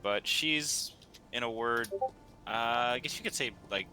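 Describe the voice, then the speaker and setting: A man's voice: mid-range voice, a little slow, sharp tone, a little hiss or hum. A man running a tabletop game as game master, describing scenes in a loose, rambling way with many fillers.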